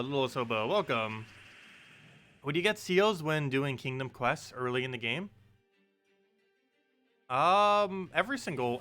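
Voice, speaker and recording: A man's voice: medium pitch, pushed and bright. A man casually chatting with his live-stream chat, laid-back and joking about how he says words. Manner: laid-back, chatty, answers chat, laughs at own pronunciation.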